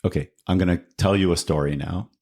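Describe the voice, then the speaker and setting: A man's voice: low voice, a little fast, mellow. A man co-hosting a podcast, talking in casual chat in a rambling, earnest way. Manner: rambling, earnest, many restarts. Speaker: podcast co-host.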